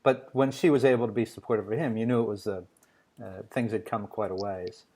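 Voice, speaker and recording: A man's voice: fairly low pitch, fairly even intonation, brisk, darkish tone. Chatty, jokey male interviewer. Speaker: interview show host. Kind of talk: casual interview conversation.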